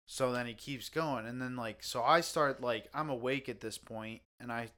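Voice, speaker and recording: A man telling a story among friends in casual podcast chat, animated and swearing, getting loud at the tense parts. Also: medium pitch, normal speed. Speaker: podcast co-host.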